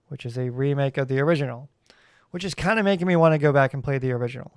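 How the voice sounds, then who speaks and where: A man's voice: fairly high pitch, clean tone, no echo, studio quality. A man hosting his own podcast, telling stories in a rambling, wry, casual way. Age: adult parent. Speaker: podcast host. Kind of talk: casual solo podcast chat.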